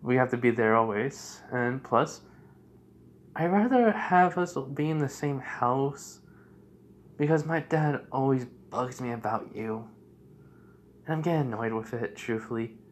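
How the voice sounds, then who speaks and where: A man voicing a frank, annoyed teenage girl with a slightly raised pitch. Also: a little slow, slight background noise, natural voice.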